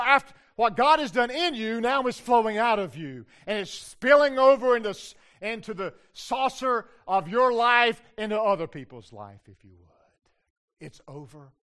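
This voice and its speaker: An older man, a pastor preaching a sermon in a loud, emphatic way and putting questions to the congregation. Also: very high-pitched.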